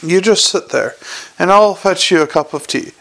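A man voices a homely middle-aged sergeant, fussing and reassuring. The voice sits up in pitch with a gravelly grain. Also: normal speed, fairly bright tone.

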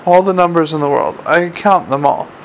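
Male reader playing a plodding, literal-minded troll watchman; gravelly, blunt, broken grammar. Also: a little high, fairly quick, slight background noise, close to an everyday voice, low-quality recording.

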